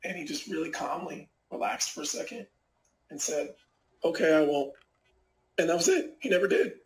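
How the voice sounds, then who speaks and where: A man's voice: sits high, expressive, brisk, slight background noise. A middle-aged man, a professional fighter, tells a personal story in a casual interview and rambles with many fillers. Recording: echoey room.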